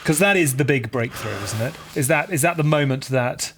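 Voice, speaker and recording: Fast-talking male podcast host. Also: a little high, a bit bright, a little hiss or hum. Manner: teasing, steering the talk. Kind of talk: casual chat.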